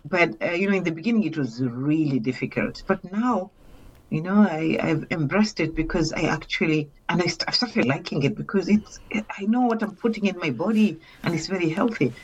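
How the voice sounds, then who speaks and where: A woman's voice: fairly low pitch, animated, a little fast, husky. A woman from Kenya, a podcast guest chatting casually and at length, with many fillers and frequent laughs. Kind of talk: casual interview chat. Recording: muffled lo-fi sound.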